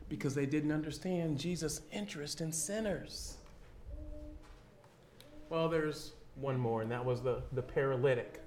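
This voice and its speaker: A man preaching a sermon in an animated way, acting out people's reactions and repeating his key lines. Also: a little high, unhurried, pauses often. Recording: echoey room.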